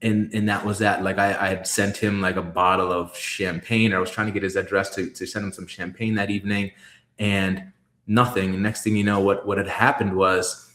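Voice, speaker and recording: A low-voiced man speaking in a candid interview, recorded in a room with noticeable echo. He tells stories emphatically, swears for effect and stumbles into restarts as he builds his point. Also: level tone, moderate pace, fairly bright tone. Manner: emphatic, profane, storytelling with many restarts. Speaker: guest, creative executive.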